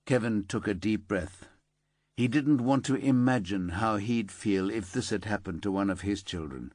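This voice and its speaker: A man narrating a thriller audiobook in a steady, sombre way, on a close studio mic. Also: on the low side, normal speed, no room sound. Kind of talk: scripted narration.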